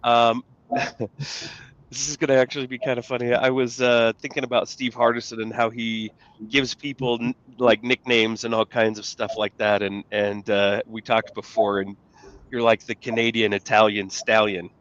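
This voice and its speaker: A man's voice: mid-range voice, little pitch movement, moderate pace, a bit bright, highs cut off. A middle-aged man co-hosting a podcast, joking and rambling with plenty of fillers and restarts. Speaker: podcast co-host. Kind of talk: casual podcast conversation.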